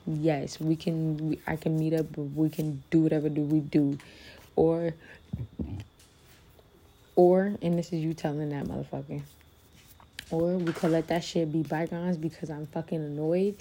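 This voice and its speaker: Casual podcast host, young woman, deep warm tone, blunt and profane, talks straight to listeners. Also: flat delivery, measured pace, pauses often, slight background noise. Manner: candid and profane, addresses listeners as loves. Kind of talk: casual motivational monologue.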